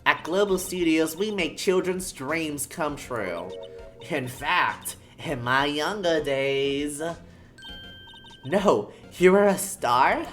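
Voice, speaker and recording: A woman's voice: sits low, animated, slow pace, soft background music. A woman voicing a cranky, nagging old woman guarding a film studio in a video game. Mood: reminiscing. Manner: scolding, rambling, nagging. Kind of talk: game dialogue read aloud.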